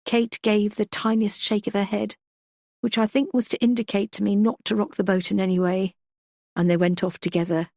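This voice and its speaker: A woman reads a first-person thriller audiobook at a mid pitch, measured and reflective. Her storytelling is steady and thoughtful. The recording is dry and close, with no room sound. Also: gravelly, dry recording. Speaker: audiobook narrator.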